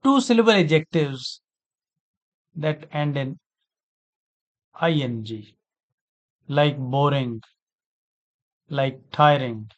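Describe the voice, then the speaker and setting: A man teaching an English grammar lesson, speaking deliberately, repeating words and spelling out letters. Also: mid-range voice. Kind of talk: slow spoken grammar lesson.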